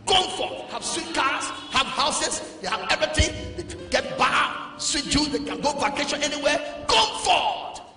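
A man with a Liberian English accent preaching a sermon as pastor, dropping to low talk and rising to shouted exhortation. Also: lively intonation, unhurried, vocal fry, hardly any pauses. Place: large church hall. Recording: echoey hall, distant mic, music behind.

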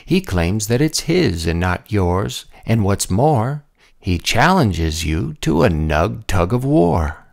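A man's voice: fairly low pitch, very animated, slow, gravelly, a little mellow, heavily acted. A man voicing a sly scheming turtle advisor. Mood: urgent. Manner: gloating, conniving.

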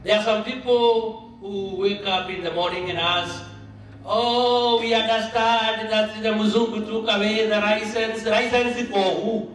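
A man's voice: high voice, fairly even intonation, a little slow. A man giving an emphatic sermon-style speech at a church launch, mixing languages. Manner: emphatic, mixes languages, rising to a shout. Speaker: church leader speaking at a launch. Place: church hall. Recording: echoey hall, voice from far off, music behind.

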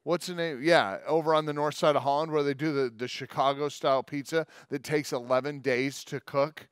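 A man preaching a sermon, his voice sitting a bit high for a man. He talks casually and jokes with quick asides, then reads scripture aloud at length. The recording is close and dry. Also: steady tone, clean tone, no echo. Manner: conversational and joking, with quick asides. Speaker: pastor.

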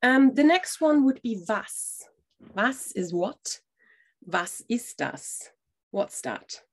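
A middle-aged woman teaching a language lesson to the camera, explaining patiently step by step and checking in with "yeah?" as she goes. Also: mid-range voice.

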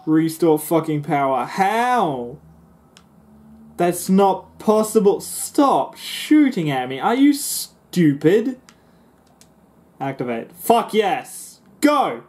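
A man's voice: sits high, very animated, drawn-out words, a little mellow. A young man commentating a video game, swearing and grumbling with sarcastic frustration. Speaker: gaming YouTuber. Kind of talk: let's play commentary.

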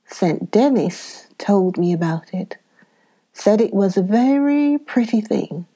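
A woman's voice: medium pitch, lively intonation, dark tone. Woman putting on a sleepy old knight. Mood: drowsy. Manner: drowsy, slow, trailing into whispers.

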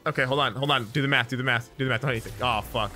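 A man streaming a card game, chatting casually, laughing often and counting out loud as he plays. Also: medium pitch, fairly even intonation, rapid-fire, soft background music. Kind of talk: casual gameplay chat.

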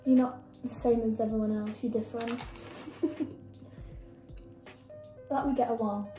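A shy young woman answers questions with short, hesitant replies, sounding a little tired. Her voice is fairly high yet mellow and soft-edged, and the room adds a noticeable echo with faint music underneath. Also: little pitch movement, quick pace. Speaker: younger sister guest. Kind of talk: casual chat.

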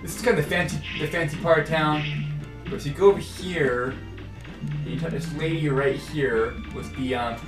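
A man's voice: on the high side, steady tone, normal speed. A man giving rambling, joking commentary over a video game, often correcting himself. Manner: rambling, self-correcting, apologetic jokes. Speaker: let's play commentator. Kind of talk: casual gameplay commentary. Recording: roomy, distant mic with game music.

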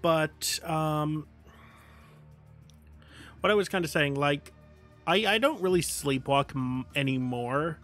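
A man's voice: fairly high pitch, slow pace, long pauses, fairly bright tone, faint music behind. A man streaming a game and chatting casually with his viewers, laughing often and swearing now and then. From United States.

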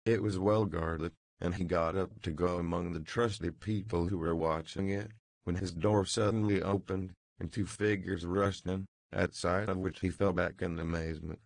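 A man reading an audiobook as narrator in a measured, deliberate way. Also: low-pitched, fairly even intonation, creaky, no room sound. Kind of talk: scripted narration.

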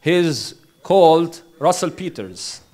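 A man lecturing interpreting students, deliberate and chuckling at his own stories. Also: fairly high pitch, animated, darkish tone. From Tunisia. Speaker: university lecturer.

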